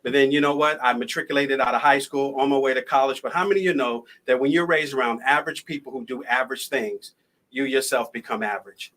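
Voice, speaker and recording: Bright-voiced man telling his story. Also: mid-range voice, fast talker. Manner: storytelling, conversational, lively. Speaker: motivational speaker. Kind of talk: live-streamed personal story talk.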